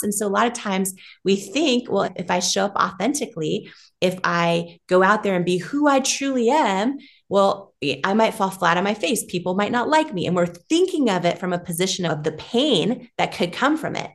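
A middle-aged woman, a guest on an interview podcast, telling an emotional personal story in a lively way and acting out other people's lines. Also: mid-range voice, moderate pace. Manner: animated, emotional storytelling with quoted voices.

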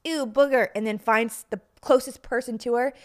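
A woman's voice: fairly high pitch, fairly even intonation, normal speed. A woman co-hosting a casual podcast, chatty and giggly, often poking fun at herself, with a slightly stuffy nose. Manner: giggly, self-deprecating, chatty. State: pregnant, runny nose. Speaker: podcast co-host. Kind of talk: casual chat.

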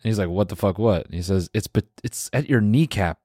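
A man's voice: on the low side, brisk, warm tone, slightly rough, no echo, studio quality. A man co-hosting a casual podcast, laid-back and teasing, laughing as he tells a story. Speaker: podcast co-host. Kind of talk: casual chat.

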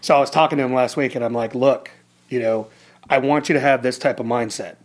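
A middle-aged American man at a medium pitch recounts his military past in relaxed conversation. He talks earnestly and reflectively, often doubling back to restart a phrase. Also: a little fast. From United States. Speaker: former Navy SEAL officer, guest. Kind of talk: casual conversational storytelling.

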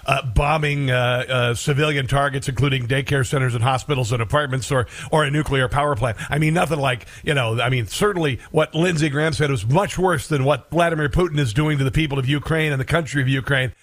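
A man's voice: mid-range voice, a little fast, hardly any pauses, a bit bright. A man hosting a political commentary show, sarcastic and rambling, with many filler sounds.

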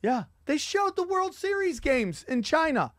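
A man hosting a casual podcast, telling rambling, profane stories with animated energy. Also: very high voice, measured pace, no echo, studio quality. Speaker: podcast host and comedian. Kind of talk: crude casual chat.

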